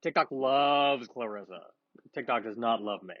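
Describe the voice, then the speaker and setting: Sniffly male comic rambling, self-mocking, mid pitch, dry slightly muffled sound. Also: normal speed, dry recording. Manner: self-deprecating, rambling with many restarts. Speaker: comedian vlogger. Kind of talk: casual rambling monologue.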